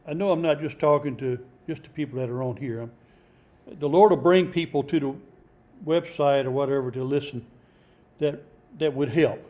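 An older man preaching an informal sermon, halting with many restarts and fillers, and reading scripture aloud. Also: fairly high pitch, darkish tone.

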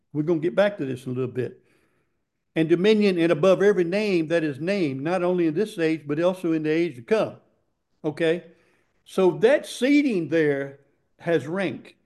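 A man preaching a sermon, getting excited and repeating scripture lines for emphasis. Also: a little high.

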